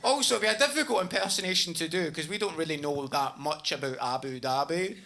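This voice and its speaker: A man's voice: on the high side, quick pace. A man telling a wry stand-up anecdote. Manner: bright, wry anecdotal storytelling. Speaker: stand-up comedian. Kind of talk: stand-up routine.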